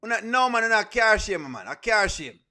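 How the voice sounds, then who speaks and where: A man with a Jamaican accent chats on a live reaction stream in a high-set voice. He teases and pleads with his viewers and breaks into laughter often. His tone is bright and ringing. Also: very animated, a little fast. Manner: playful, pleading, laughs often, argues with the chat. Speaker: streamer and show host.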